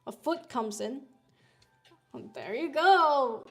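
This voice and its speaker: A slightly high-voiced woman streamer talks at an unhurried, drawn-out pace while reading webtoon panels aloud. She is a bit sick and chats loosely, swearing as she goes. Soft music plays faintly underneath. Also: animated. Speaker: streamer reviewing webtoon contest entries. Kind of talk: casual live-stream commentary.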